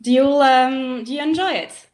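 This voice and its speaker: Brand rep: French-accented woman, higher voice, relaxed and informative, on a video call. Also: moderate pace. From France. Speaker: whisky brand representative. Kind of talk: casual explanation.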